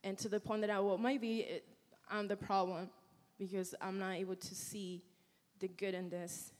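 A woman's voice: mid-range voice, little pitch movement, moderate pace, darkish tone. A woman gives an earnest testimony about her marriage, stopping now and then to search for words. Her voice sits in a long hall reverb, as in a church. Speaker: wife sharing a testimony. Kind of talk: personal testimony.

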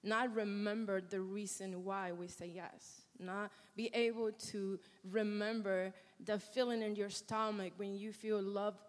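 A woman sharing a personal testimony about her marriage, earnest and pausing as she searches for words. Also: mid-range voice, fairly even intonation. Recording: echoey hall with long reverb.

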